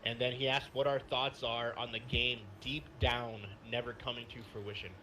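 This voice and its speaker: A man co-hosting a gaming podcast, telling a story in casual chat, animated and swearing freely. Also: mid-range voice, moderate pace, a little hiss or hum. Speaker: podcast co-host.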